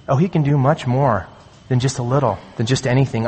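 Male pastor, mid-pitch, earnest emphatic sermon delivery, long hall reverb. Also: lively intonation, breathy edge. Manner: earnest, emphatic preaching with slow stressed phrases.

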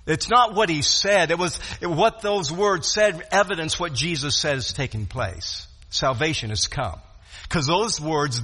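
A man's voice: fairly high pitch, bright, forceful tone, breathy edge. A man preaching a sermon as pastor, emphatic, repeating phrases and building in intensity. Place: church sanctuary. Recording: long hall reverb.

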